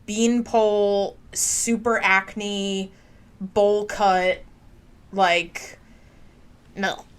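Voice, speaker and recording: A woman's voice: medium pitch, little pitch movement, drawn-out words, clean tone. A woman co-hosting a podcast, retelling a true crime story in a chatty way, with lots of "like". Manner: chatty storytelling, heavy use of "like". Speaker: podcast co-host.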